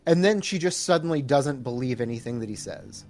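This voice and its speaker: A man's voice: mid-range voice, lively intonation, a little fast, a little mellow, faint music behind. A man co-hosting a casual movie review podcast, chiming in with dry, wry asides and questions. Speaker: podcast co-host.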